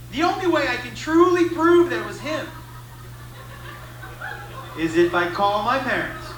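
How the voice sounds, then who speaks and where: Middle-aged male stand-up, lively swooping delivery, profane, distant roomy stage recording. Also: sits high, noisy background. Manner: animated, profane, acts out both sides of a dialogue. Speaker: stand-up comedian. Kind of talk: stand-up comedy storytelling.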